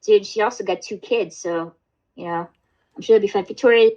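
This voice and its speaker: A woman's voice: medium pitch, brisk, dark tone, dull audio. A woman hosting a casual livestream chat, rambling and swearing, with lots of fillers and restarts. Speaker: livestream host.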